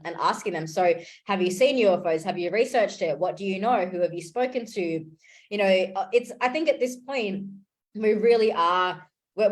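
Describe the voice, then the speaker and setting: A woman in her thirties talks straight to her viewers in a relaxed, casual update. Her voice sits a little low, and she sounds eager and chatty, often circling back and restarting a phrase as her thoughts race ahead. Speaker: vlogger and interviewer. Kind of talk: casual chat to camera.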